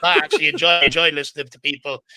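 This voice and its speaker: A man with a fairly high, fast, bright voice chimes in on a podcast. He talks eagerly over a remote call, and the sound is dry. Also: fairly even intonation, smooth, no room sound. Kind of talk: casual podcast chat. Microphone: remote call mic.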